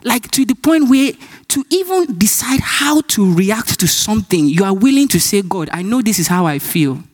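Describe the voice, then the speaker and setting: A man's voice: high-pitched, normal speed. A man with a Nigerian accent preaching a sermon, telling stories, acting out dialogue and laughing often. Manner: animated storytelling, acts out dialogue, laughs often.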